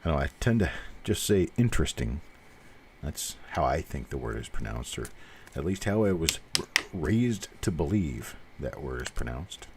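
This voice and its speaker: Hosting a casual live coin stream, a Southern American man in his fifties speaks with a faint accent and a rumbling low voice. His pitch swings widely at a moderate pace, with background noise audible. He rambles bluntly and pokes fun at himself.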